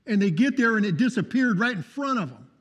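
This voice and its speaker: A man with a notably high voice preaches his testimony with fervor and keeps calling out for amens. The sound carries a long reverb, as if from a church hall. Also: expressive, brisk, husky. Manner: fervent, calls out for amens. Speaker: testimony speaker.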